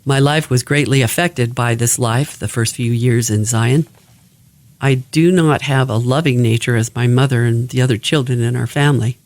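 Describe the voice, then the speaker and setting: A man reading a family memoir aloud in a steady, even-paced way. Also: mid-range voice, moderate pace.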